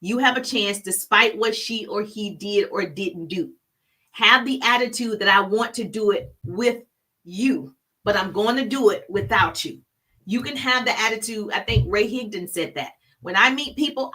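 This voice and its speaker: A middle-aged woman giving business coaching on a live stream, animated and preachy, repeating key phrases for emphasis. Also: mid-range voice, moderate pace.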